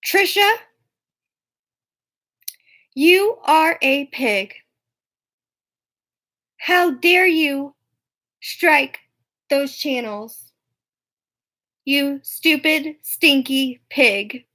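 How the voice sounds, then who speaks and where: A spiteful female commenter slings slow, sneering insults, as a woman reads her out in a high voice. Each word is drawn out and mocking. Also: sharp tone, full character voice, rough recording. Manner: slow mocking read-out, taunting.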